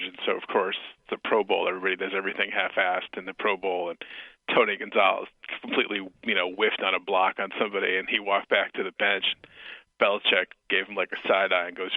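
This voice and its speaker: A man tells a story at a rapid clip, peppering it with "like" in casual podcast chat. His voice sits lowish, and the recording is dull and lo-fi. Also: flat delivery, dry recording. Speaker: podcast co-host.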